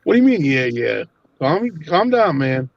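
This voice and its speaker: A man's voice: on the high side, big pitch swings, a little slow, creaky, no echo. Joking man on a muffled call. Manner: joking, playful banter. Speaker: caller buying a snake.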